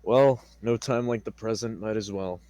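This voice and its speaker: A man's voice: on the low side, moderate pace, warm tone, no room sound. A man playing a tabletop game who makes dry, wry remarks. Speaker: player. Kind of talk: casual tabletop play.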